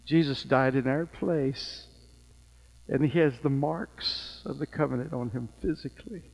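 A man's voice: medium pitch, a little slow, vocal fry, a little mellow, poor audio. A middle-aged man preaching a sermon, telling stories with rising fervor. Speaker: pastor.

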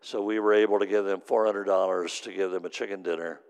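A man's voice: low-pitched, fairly even intonation, fast talker, a little mellow, clear, resonant tone. A man ministering to a gathering, telling a story in an earnest sermon with repeated, emphatic phrases. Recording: long hall reverb.

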